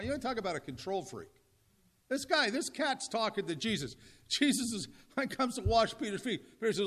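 Older male pastor, high voice, chatty humorous sermon. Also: animated, moderate pace, a bit bright. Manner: conversational, humorous, asks the audience questions.

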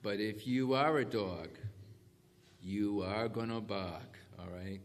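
In a church hall, a man preaches a sermon, calling for amens and checking that the congregation follows along, with animated call-and-response emphasis on key phrases. His fairly low voice takes things slowly, and the echoey hall carries faint ambience.

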